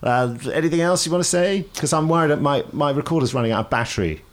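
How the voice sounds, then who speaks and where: A man's voice: fairly high pitch, fast talker. A man hosting a podcast in a jokey, rambling chat, laughing often, from Britain. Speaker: podcast host.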